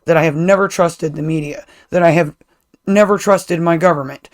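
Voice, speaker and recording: A man co-hosts a podcast, chatting casually as a parent, rambling, restarting sentences, and swearing now and then. His voice sits on the high side with a steady tone at a normal speed.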